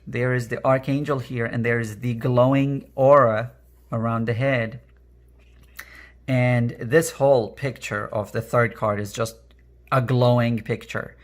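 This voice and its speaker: A man with a raspy, strained voice giving an earnest pick-a-card reading, repeating phrases with many fillers. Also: mid-range voice, fairly even intonation, unhurried. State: emotional, voice strained. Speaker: energy worker and tarot card reader.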